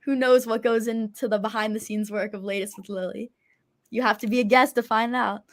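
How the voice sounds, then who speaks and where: A woman's voice: fairly high pitch, steady tone, brisk. A teenage girl hosting a casual sports talk show, chatty and enthusiastic. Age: teens. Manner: chatty and enthusiastic, laughs often. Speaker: host.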